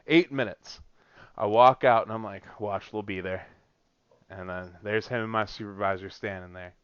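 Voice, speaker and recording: A man hosting a casual podcast, telling a story in an animated way with a lot of swearing and laughter. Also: lowish voice, moderate pace, smooth, no room sound. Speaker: podcast host. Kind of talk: casual chat. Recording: dull lo-fi dry recording.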